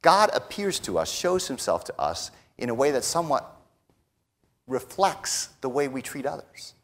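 A man preaching a sermon who often tags his points with a quick question and swings between hushed lines and raised declarations. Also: mid-range voice, sing-song. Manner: emphatic, often adds a tag question "right?".

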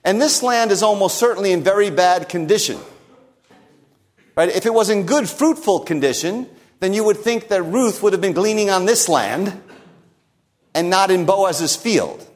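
A man preaching a verse-by-verse sermon in a relaxed, conversational way, with a slightly high voice. He keeps checking in with his listeners with quick rhetorical questions and slips in dry, wry humor as he explains. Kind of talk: expository sermon.

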